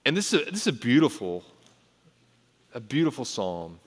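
A man's voice: sing-song, normal speed. Man preaching in a reverberant hall. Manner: earnest, with frequent repetitions and restarts; rises in pitch and force when reading scripture. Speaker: pastor. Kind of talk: sermon.

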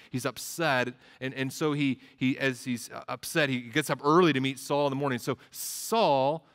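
A man's voice: mid-range voice, a bit bright. A man preaching a sermon, earnest and explanatory, often stumbling and restarting phrases. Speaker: pastor.

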